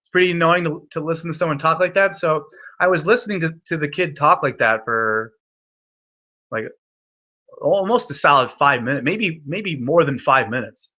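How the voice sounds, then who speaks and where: A young man with a fairly high, bright voice rambles casually as host of an online hangout. He swears freely and trips over his own restarts. The sound is dull and lo-fi, like a cheap call mic. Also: animated, normal speed. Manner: loose, profane storytelling with many restarts.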